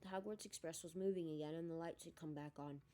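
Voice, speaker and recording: A woman reading a novel aloud in a steady storytelling manner. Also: low-pitched, fast. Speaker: audiobook reader. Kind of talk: storybook narration.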